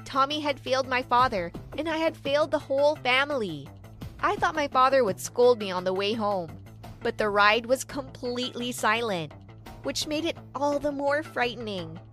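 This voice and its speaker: Young woman narrator, high voice, dramatic first-person story read. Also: animated, moderate pace, a bit bright, faint music behind. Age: young adult.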